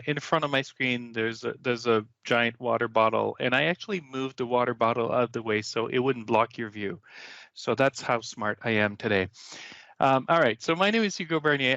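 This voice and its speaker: A man presenting his software demo on an online community call, in a chatty, self-deprecating way with lots of fillers. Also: medium pitch, dry recording. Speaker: cloud solution architect presenting a demo. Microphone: computer mic on a video call. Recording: dull, dry video-call audio.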